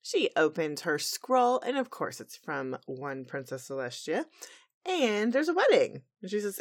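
A woman's voice: low-pitched, sing-song, measured pace. A woman co-hosting a podcast, recapping a cartoon episode in a chatty, laid-back way. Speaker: podcast co-host.

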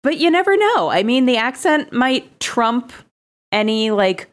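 Tired woman with a lively pitch, deadpan jokes. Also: measured pace. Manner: playful, deadpan dark humor, lively pitch. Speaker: podcast co-host. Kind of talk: casual comedic chat.

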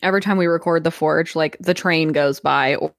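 Woman teasing the others on a call, a bit low voice, dry sound. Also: a little fast, no room sound. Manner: playful, teasing. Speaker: cast member of an audio drama. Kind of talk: casual pre-show banter. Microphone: online video call.

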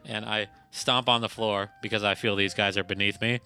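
A man's voice: lowish voice, fairly even intonation, moderate pace, sharp tone. A man playing a tabletop game, casually describing what his character does. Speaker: player.

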